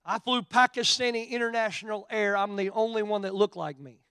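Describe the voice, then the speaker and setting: Man, oklahoma accent, middle-aged preacher, high voice, dry close sound. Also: fairly quick, smooth, no echo. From Oklahoma, USA. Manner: animated, swings from quiet asides to loud emphatic preaching. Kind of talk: sermon storytelling.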